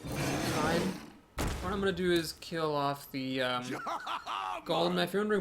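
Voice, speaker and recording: A chatty man with a slightly high, gravelly voice thinks aloud through his card game, joking at his own expense. His desk mic picks up a steady hiss and mouse clicks behind him. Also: moderate pace. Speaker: game video host. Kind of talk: casual gameplay commentary.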